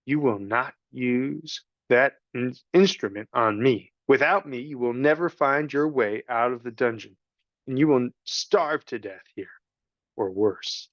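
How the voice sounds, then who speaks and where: A scheming male rat villain from a storybook, put on by a man reading aloud. He sneers in slow, cold, deliberate words. The sound is dull and close, with no room echo. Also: mid-range voice, natural voice. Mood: sneering.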